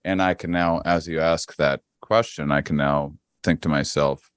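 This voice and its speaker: A man guesting on a podcast in casual chat, speaking with a slow, calm, grounding cadence and frequent hesitant restarts. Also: extremely low pitch, clear, resonant tone, no echo, clean studio sound. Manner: hesitant restarts, repeated words.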